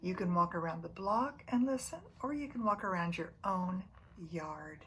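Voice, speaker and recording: A woman teacher reading a picture book to little ones, her voice sitting on the lower side for a woman. She often sinks into a near whisper and keeps asking the children gentle questions. A faint background hiss runs under the recording. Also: animated, moderate pace. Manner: soft-spoken, often dropping to a near whisper. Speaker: preschool teacher.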